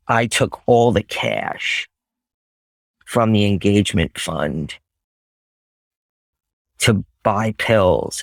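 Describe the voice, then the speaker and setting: A man's voice: fairly low pitch, gravelly, no echo. A young man telling his recovery story to a group, swearing bluntly and acting out old conversations as he speaks. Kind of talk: candid personal testimony in a group.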